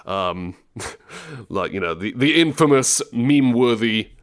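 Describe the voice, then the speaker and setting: A man's voice: mid-range voice, lively intonation, slow. A man hosting an interview, chatting enthusiastically and quoting lines back to his guest. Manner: enthusiastic, quotes lines, laughs. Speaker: interviewer host. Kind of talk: casual interview chat.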